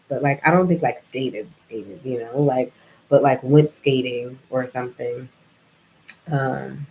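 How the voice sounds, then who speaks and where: A woman's voice: sits low, a little mellow, a little hiss or hum, low-quality recording. Rambling young woman vlogging. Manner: rambling, full of "like" and "you know". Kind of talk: casual reflective monologue.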